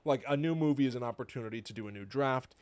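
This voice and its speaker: A man in his thirties with a mid-pitched voice, co-hosting a casual podcast. He rants animatedly and mimics others mockingly. The sound is close and dry. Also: fast, smooth, no room sound. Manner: animated, ranting, mocking impressions. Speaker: podcast co-host. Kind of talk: casual chat.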